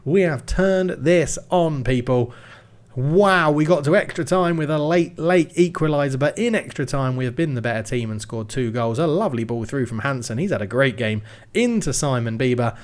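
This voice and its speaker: A young man giving lively commentary on his football management game, shouting when goals go in. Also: mid-range voice. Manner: excitable play-by-play, shouts at goals. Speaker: gaming YouTuber.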